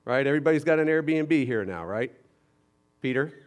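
A middle-aged man from Houston, Texas, telling a story in a sermon as senior pastor, animated and shifting between loud emphasis and quiet asides. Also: on the high side, moderate pace.

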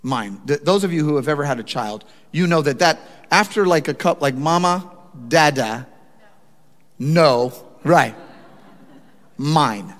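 A man preaching a sermon, telling stories with animated, building emphasis. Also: on the high side, moderate pace, big-room sound. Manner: animated storytelling with rising emphasis. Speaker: pastor.

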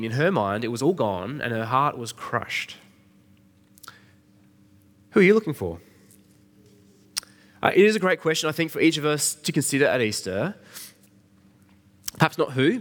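Man, middle-aged, sermon, conversational, lively pitch. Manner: conversational, asks the congregation questions. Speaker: pastor. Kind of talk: Easter sermon.

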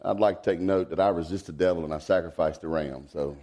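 A man, preaching a folksy sermon. He swings from low asides to high, emphatic exclamations. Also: fast, mellow, slight background noise. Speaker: pastor.

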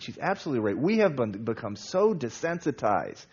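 A man's voice: mid-range voice, sing-song, moderate pace, few pauses, breathy edge, dull audio. A man preaching a sermon in a conversational way, with many fillers and restarts, growing emphatic as he goes. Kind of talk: sermon on a Bible passage.

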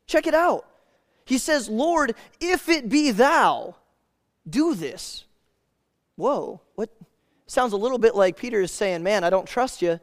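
A man preaching a sermon in a casual, conversational way, calling listeners "man" and "guys" and reading scripture aloud slowly. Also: sits high, lively intonation.

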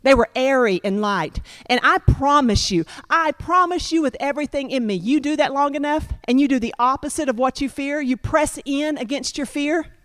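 A woman preaching a sermon, talking straight to her congregation with lively repetition. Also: high voice, normal speed, hardly any pauses, no echo, studio quality. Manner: animated, repetitive, addresses congregation directly.

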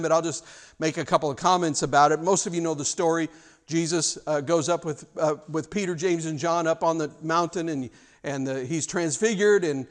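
A male pastor with a higher-than-usual voice delivers his sermon in an easy, conversational way. He stumbles over and repeats words, then lifts into strong bursts of emphasis.

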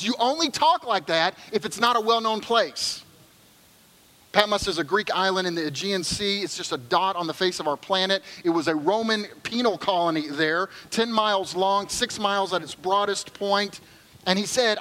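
A man's voice: high-pitched, a little fast, pushed and bright, poor audio. A middle-aged man preaching a sermon as pastor, conversational and joking, then earnest.

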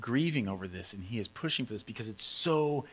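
A man's voice: fairly low pitch, lively intonation, brisk. A man preaching a casual teaching sermon, conversational and emphatic, acting out quotes with a raised voice.

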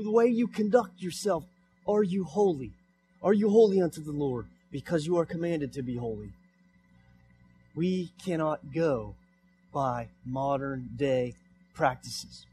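A man's voice: on the high side, unhurried, warm tone, faint music behind. A young man preaching a sermon in church, repeating his points with rising emphasis. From United States. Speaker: pastor. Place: church sanctuary.

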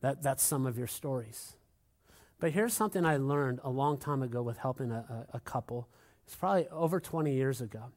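A man's voice: mid-range voice, a little fast, darkish tone. A middle-aged man preaching a sermon as pastor to a congregation, emphatic and repetitive, often asking for an amen. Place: church hall with a congregation.

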